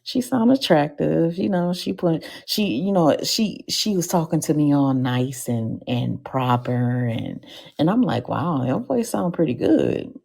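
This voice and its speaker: A woman hosting a live podcast show, telling stories in an animated, slangy way with comic asides to the audience. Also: sits low, measured pace, gravelly. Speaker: podcast host.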